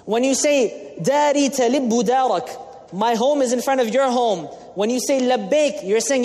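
Imam, male, high voice, teaching sermon with Arabic glosses, long hall reverb. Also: normal speed, warm tone. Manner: explains Arabic terms with English glosses, asks the audience questions. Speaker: imam giving a talk.

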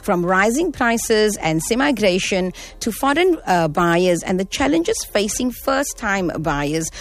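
Woman radio presenter. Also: medium pitch. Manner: friendly, chatty, laughs easily. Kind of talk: community radio show. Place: radio studio. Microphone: studio microphone.

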